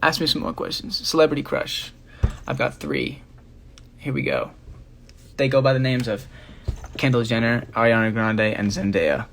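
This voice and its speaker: A man's voice: medium pitch, fairly even intonation, moderate pace, vocal fry, pauses often, fairly bright tone, a little hiss or hum. A young man, a singer, casually answering fan questions on a phone livestream, sleepy and rambling with many fillers. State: sleepy, yawning.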